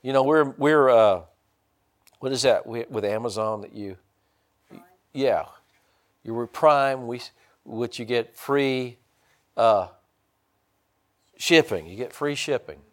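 Man preaching, middle-aged, folksy, rambling, mid-pitched voice, leaps high when excited. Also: takes it slowly, long pauses. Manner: folksy, rambling, with many restarts. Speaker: pastor. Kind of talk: sermon.

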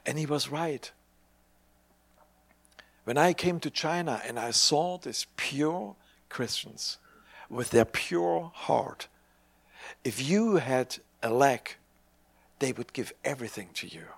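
An older male preacher shares a testimony in a loose, conversational sermon style. His voice sits at a medium pitch. He stumbles and restarts a little, then brings the quoted exchanges to life. The sound is close and dry, with no room echo. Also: takes it slowly, gravelly, long pauses, slightly rough. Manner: conversational, with hesitant restarts and animated retold dialogue.

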